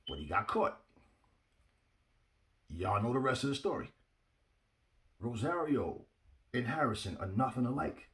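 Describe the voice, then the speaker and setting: A man's voice: medium pitch, lively intonation, unhurried, long pauses, fairly bright tone. A man giving casual boxing opinions to his viewers, blunt and emphatic, often repeating himself and speaking to the audience directly. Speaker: boxing commentator.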